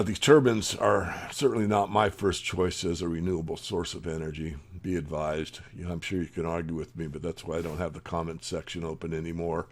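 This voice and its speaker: A man hosting a newsletter video, reading news headlines aloud and adding his own opinionated asides. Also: low-pitched. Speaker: newsletter host.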